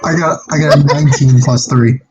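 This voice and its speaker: A player in a tabletop game, declaring moves calmly and deadpan. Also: mid-range voice, brisk, lo-fi sound, over a noisy crowd.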